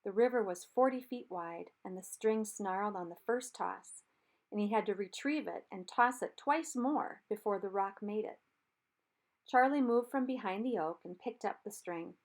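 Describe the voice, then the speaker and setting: A woman narrates a novel chapter aloud in an audiobook reading. Her delivery is steady and measured, and her voice sits at an ordinary middle pitch.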